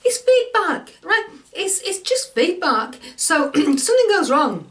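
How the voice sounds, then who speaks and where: A woman's voice: very high-pitched, sing-song, takes it slowly, a bit bright. A woman giving an informal self-help coaching talk, chatty and repetitive, acting out inner voices. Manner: chatty, repeats words, acts out inner voices.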